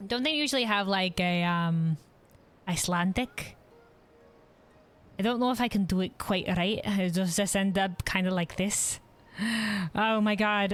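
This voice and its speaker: A woman's voice: mid-range voice, clean tone. A woman streaming a game, talking casually and rambling, self-deprecating and reading chat messages aloud.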